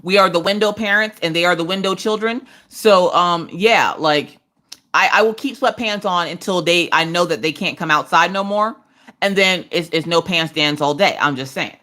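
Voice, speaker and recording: A woman in her thirties speaks at a moderate pace in a lowish voice while hosting a crafting livestream from her home couch. Her casual chat is full of lively anecdotes, with voices for whoever she's quoting.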